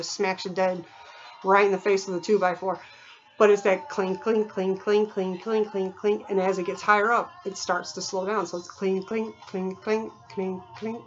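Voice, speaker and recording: In a casual vlog, a woman rambles chattily from topic to topic, filling her talk with fillers and imitated sounds. Her voice is mid-range, and the recording has its highs cut off.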